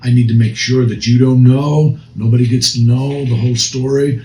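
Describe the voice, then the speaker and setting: A man's voice: mid-range voice, steady tone, normal speed, dark tone. A man co-hosting a recovery podcast as a counselor, speaking earnestly and emphatically with frequent restarts. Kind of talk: casual discussion. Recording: echoey room, faint noise.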